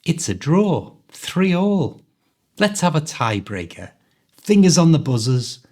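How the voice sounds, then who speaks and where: A man with a mild Liverpool Scouse accent hosting an accent quiz, upbeat, clear and instructive. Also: on the high side, sing-song, takes it slowly, dark tone. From Liverpool, England. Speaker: host and English coach.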